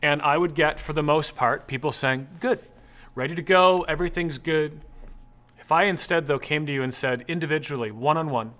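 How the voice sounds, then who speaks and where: Man, middle-aged, from Canada, public talk, conversational, acts out stories, bright tone. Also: fairly high pitch, moderate pace. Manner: animated, conversational, acts out anecdotes. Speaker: speaker on dating and relationships.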